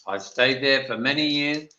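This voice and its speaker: A man's voice: medium pitch, normal speed, sharp tone, reverberant, muffled recording. An older man with an English accent, telling rambling stories as a guest on a livestream panel chat. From England. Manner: chatty, rambling storyteller.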